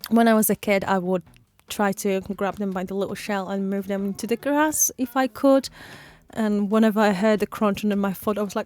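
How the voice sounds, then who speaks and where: A woman's voice: medium pitch, fairly even intonation, a little fast, darkish tone. Chatty woman reacting sympathetically. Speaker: reaction video host. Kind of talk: casual reaction commentary.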